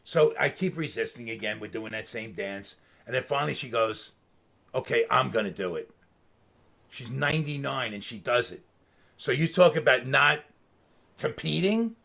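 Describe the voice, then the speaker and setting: A middle-aged man with a gravelly, husky voice telling casual stories as a guest. He talks in an animated, loose way, laughs mid-sentence, and swears freely. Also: mid-range voice, moderate pace. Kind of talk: casual storytelling.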